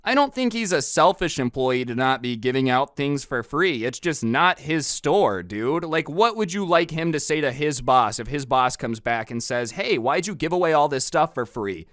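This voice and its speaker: A man narrating a storytime in a casual, conversational way, with plenty of sarcasm. His voice is smooth and clean at a middle pitch, recorded dry with no room sound. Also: animated, normal speed, few pauses, fairly bright tone, dry recording.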